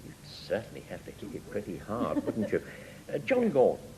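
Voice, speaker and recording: Older man, quiz chairman, wry theatrical delivery, swooping wildly in pitch, lowish voice, hissy TV recording. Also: wildly swooping pitch, normal speed, dark tone, low-quality recording. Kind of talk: hosting a panel game. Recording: broadcast TV with audible hiss.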